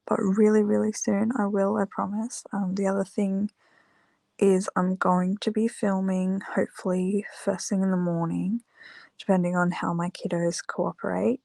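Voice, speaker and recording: A tired, yawning woman chats casually to camera with a slow, unhurried delivery full of fillers. Her voice has a gravelly, creaky edge. The sound is close and dry, with no room around it. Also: mid-range voice, dark tone, no room sound. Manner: rambling, many fillers, unhurried. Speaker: small-business candle maker vlogger.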